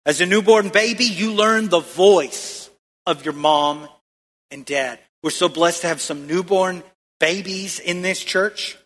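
A man's voice: sits high, fairly bright tone, long reverb tail. A male pastor preaching a sermon in a church, throwing questions out to the congregation and calling for answers.

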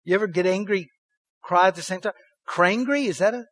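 Emphatic high-voiced male pastor preaching. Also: fairly quick, a bit bright. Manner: emphatic, rhetorical questions, leads the congregation in repeating lines. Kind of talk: sermon.

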